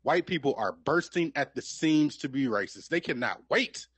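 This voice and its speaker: A man's voice: mid-range voice, lively intonation, normal speed, fairly bright tone, husky, no room sound. A man co-hosting a podcast in casual chat, laughing and slangy. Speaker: podcast co-host.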